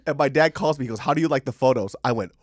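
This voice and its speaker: A man in his thirties co-hosting a podcast, telling a story in casual, profane chat and shouting when he quotes himself. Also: medium pitch, racing, no room sound, clean studio sound. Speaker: podcast co-host.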